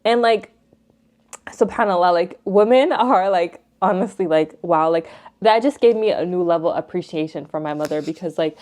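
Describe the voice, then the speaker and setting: A woman's voice: on the low side, moderate pace. A young woman vlogger telling a personal story in a casual get-ready-with-me video, chatty, emotional and full of fillers. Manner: chatty, filler-heavy, says "like" and "you guys" constantly; emotional and animated retelling.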